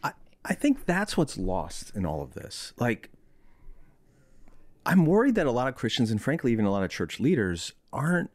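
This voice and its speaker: A man's voice: medium pitch, huge pitch swings, normal speed. A man hosting a podcast conversation, asking thoughtful, probing questions and sometimes playing devil's advocate. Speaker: podcast host.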